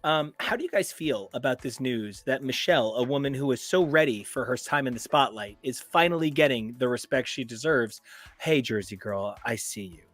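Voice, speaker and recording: A man co-hosting a podcast in casual chat, animated and gushing, jumping up to high notes when excited. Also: fairly quick, hardly any pauses, no room sound, soft background music. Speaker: podcast co-host.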